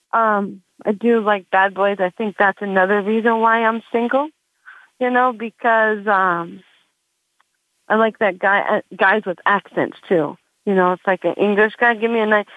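A woman's voice: mid-range voice, no room sound. Rambling woman comedian, chatting through her stand-up bit with lots of fillers. The sound is dry and squeezed down like a phone call. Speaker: comedian guest. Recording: dry, tinny phone line.

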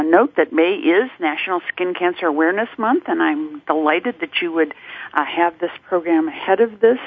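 A woman guest on a radio health show, explaining treatments in a measured, informative way. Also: lowish voice, breathy edge, dry recording. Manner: informative, measured, clinical terms. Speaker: guest from a support network. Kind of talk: radio interview. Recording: tinny phone line.

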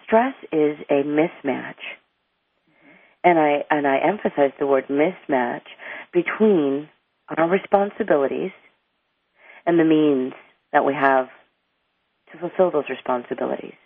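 Over a dry, tinny phone line, a middle-aged anger management coach appears as an interview guest. Her voice is low and her pace normal with long pauses, and she earnestly explains her ideas, rambling somewhat and starting sentences over.

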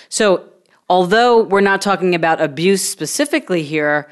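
Low-pitched female host, energetic facilitator who cuts in to steer the guest. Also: moderate pace. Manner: energetic, prompts and interrupts to guide the guest. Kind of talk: coaching session on a talk show.

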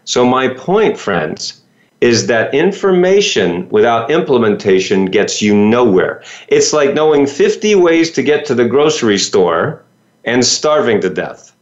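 Male business coach, animated pitch, motivational talk, rhetorical questions, slightly dull lo-fi sound. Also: unhurried. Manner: lively, rhetorical questions, folksy.

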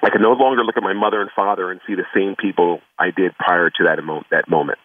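A man's voice: low voice, steady tone, quick pace, recorded from a distance, a crowd in the background. Earnest man on a tinny phone line. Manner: earnest, reflective, lots of "you know". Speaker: guest, foundation founder. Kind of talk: personal storytelling in a phone interview.

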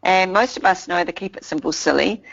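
Woman motivational speaker, earnest, lowish voice, muffled lo-fi sound. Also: fairly quick, creaky. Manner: earnest, repeats simple phrases. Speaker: inspirational speaker. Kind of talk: motivational talk to camera. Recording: slightly dull lo-fi sound.

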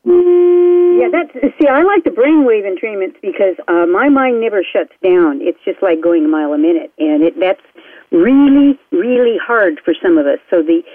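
A woman hosting a talk show, speaking fast and eagerly. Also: mid-range voice, animated. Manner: fast-talking and enthusiastic. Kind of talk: casual talk-radio chat. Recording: tinny phone line, dry.

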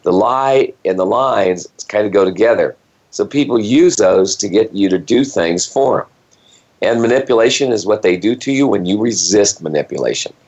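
Casual talk radio co-host, male, very low voice, relaxed banter that turns into long explaining, muffled recording. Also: moderate pace. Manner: joking banter, then explaining at length. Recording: dull lo-fi sound.

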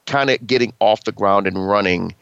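A man's voice: on the low side, moderate pace, gravelly, fairly bright tone, clear, resonant tone, dry recording, lo-fi sound. A male radio host asking an interview guest questions in a friendly, prompting way.

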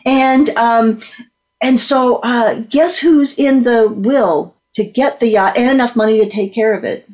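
A woman's voice: a little high, measured pace. A woman guest on a talk show telling a long story with lots of energy, acting out the voices of the people in it. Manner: lively, acts out voices in her story. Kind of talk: animated anecdote on a talk show.

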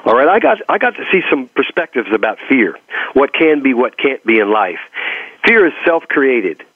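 A man's voice: medium pitch, sing-song, normal speed, no room sound. An earnest man with a Texas drawl, talking like a motivational preacher who loves repetition. His voice comes through a narrow, phone-like line with a dry sound. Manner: earnest, preachy, repeats phrases for emphasis. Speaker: guest. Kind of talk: motivational interview talk.

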